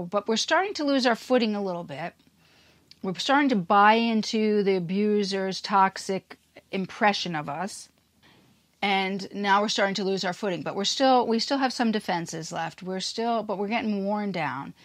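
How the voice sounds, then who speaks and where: A woman's voice: mid-range voice, dry recording. Woman podcast host, emphatic casual explainer, dry and close. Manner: emphatic, acts out quoted lines in passing.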